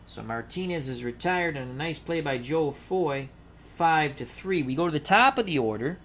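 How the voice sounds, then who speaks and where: Excitable bright-voiced man calling dice baseball. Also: on the high side, moderate pace, slight background noise. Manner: chatty, excitable, rhymes and asides to chat viewers. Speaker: tabletop baseball game host. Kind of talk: play-by-play commentary of a dice game.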